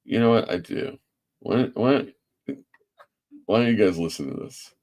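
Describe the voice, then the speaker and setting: A man's voice: fairly low pitch, very animated, a little slow, a little mellow. A man hosting a livestream show as a comic shop owner, chatty and self-mocking. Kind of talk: casual livestream talk.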